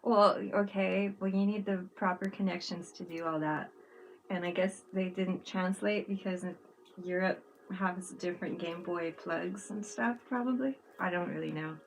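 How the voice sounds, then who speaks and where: Woman, casual livestream chat, animated storyteller, frequent laughs, swears. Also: lowish voice, moderate pace, slight background noise. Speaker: livestream co-host.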